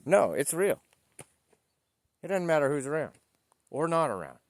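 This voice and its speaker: A man's voice: a little high, very animated, moderate pace. Blunt, profane man ranting to camera. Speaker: vlogger.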